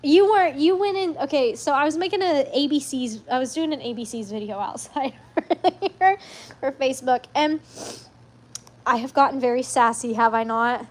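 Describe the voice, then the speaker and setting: High-voiced chatty woman. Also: normal speed. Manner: rambling, chatty, sassy asides. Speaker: live stream host. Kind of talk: casual live chat.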